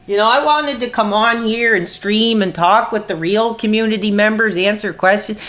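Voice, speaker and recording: A man in his thirties chatting on a gaming livestream, irritable and quick to anger, saying "dude" all the time. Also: high-pitched, bright, forceful tone. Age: 30s. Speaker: streamer. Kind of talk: casual gaming livestream chat.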